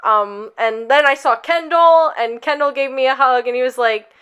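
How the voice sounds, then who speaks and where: Smooth-voiced young woman telling a story. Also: high-pitched, normal speed, a bit bright. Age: young adult. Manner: rambling, filler-heavy storytelling. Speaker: podcast co-host. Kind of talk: casual storytelling chat.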